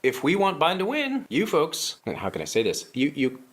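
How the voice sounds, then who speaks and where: Guy doing a smug sarcastic strategist in a sketch, kinda high voice. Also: huge pitch swings, a little fast, fairly bright tone. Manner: smug, sarcastic, laughs at his own lines. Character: scheming male political strategist coaching activists. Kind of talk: comedy sketch.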